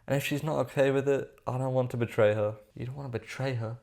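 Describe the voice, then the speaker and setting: A man's voice: mid-range voice, fairly even intonation, quick pace, vocal fry, a little mellow. A young man giving comedic commentary while reading text messages aloud, sarcastic and exasperated, with casual slang. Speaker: reaction commentator.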